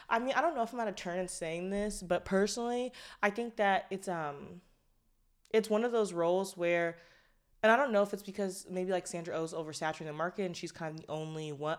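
A woman's voice: deep voice, clear, resonant tone. A young adult woman hosting a solo podcast, talking in a casual, rambling way with plenty of swearing, fillers and sighs. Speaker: podcast host.

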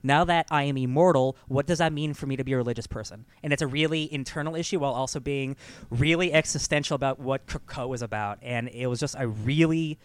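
A man co-hosting a podcast in casual chat, telling stories in a rambling, animated way with many fillers. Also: mid-range voice, smooth, no echo. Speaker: podcast co-host.

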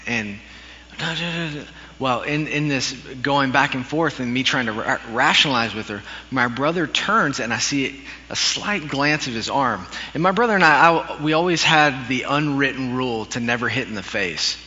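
Man preaching, bright sharp tone, long hall reverb, dull sound, faint hum. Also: medium pitch, lively intonation, normal speed. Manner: storytelling, earnest with self-deprecating humor. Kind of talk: sermon.

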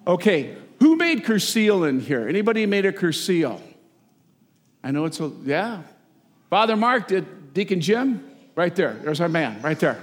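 Middle-aged male priest, folksy animated sermon, slightly high voice, long church reverb. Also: unhurried. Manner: folksy, animated preaching with audience asides. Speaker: parish priest. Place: large church.

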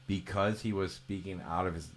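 A man's voice: low voice, fairly even intonation, moderate pace. A man hosting a podcast, chatting casually and joking with mock-serious exaggeration. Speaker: podcast host.

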